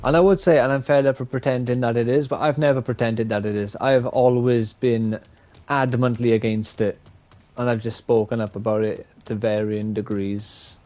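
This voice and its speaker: A man's voice: medium pitch, fairly even intonation, moderate pace, muffled recording. A man from Wales, rambling and swearing as he gives live gameplay commentary. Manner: rambling, profane, opinionated. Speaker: streamer.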